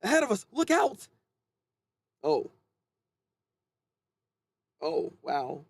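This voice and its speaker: A man with a high, lively voice chats through a live reaction, jumping up and down in pitch as he talks. He stammers and restarts often, and the sound is dry and close. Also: very slow, gravelly, no echo. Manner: chatty, animated, stammering restarts. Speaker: manga reaction host.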